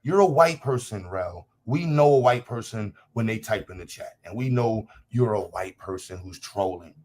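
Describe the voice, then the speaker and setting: A man's voice: lowish voice, lively intonation, normal speed, a little mellow. A man hosts a casual livestream and talks straight to his chat. His delivery is blunt and combative, full of profanity. He keeps repeating phrases to drive his point home. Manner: repeats himself for emphasis. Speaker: livestream host.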